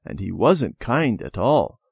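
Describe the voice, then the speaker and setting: A man voicing a little girl in a storybook reading, pitching his voice up to sound young and pleading. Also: very animated, takes it slowly, creaky, husky, dry recording, studio quality, full character voice. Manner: high, childlike, pleading.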